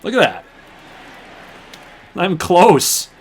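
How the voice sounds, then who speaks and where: A man's voice: high voice, sing-song, extremely slow, husky. Chatty man calling his own game. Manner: chatty play-by-play, talking to viewers while playing. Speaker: gaming channel host. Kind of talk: casual gameplay commentary.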